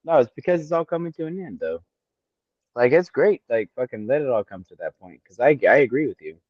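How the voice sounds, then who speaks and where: A man's voice: medium pitch, very animated, fairly quick, no room sound, muffled recording. A man in his forties co-hosting a casual podcast chat, blunt and profane. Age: 40s. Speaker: podcast co-host.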